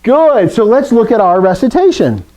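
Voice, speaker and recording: A male teacher leading a live Greek lesson, his pitch rising and falling a great deal as he explains. His voice is mellow and warm, and he keeps asking the class questions in a playful, animated way. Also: moderate pace, low-quality recording.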